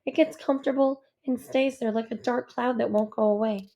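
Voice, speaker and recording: A woman's voice: on the high side, fairly even intonation, brisk, mellow. A woman reading a children's novel aloud in the first person, giving each character a light voice of their own. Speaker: audiobook narrator.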